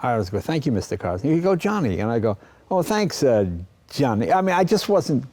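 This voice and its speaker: A man's voice: medium pitch, fast talker. An older man from the East Coast, a guest in an interview, telling stories and acting out quoted voices. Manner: animated storyteller, acts out quoted voices. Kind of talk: anecdotal interview talk.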